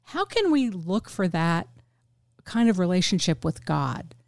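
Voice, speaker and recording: A woman hosting a podcast, asking questions gently and affirming her guest. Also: lowish voice, very animated, a little slow, creaky, dry recording, clean studio sound. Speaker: podcast host. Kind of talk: interview.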